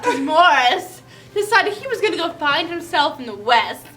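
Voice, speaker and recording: A woman's voice: high-pitched, unhurried, poor audio. A young woman casually retelling the plot of a play, giggling often and acting out voices. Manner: giggly, animated, slangy. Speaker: host.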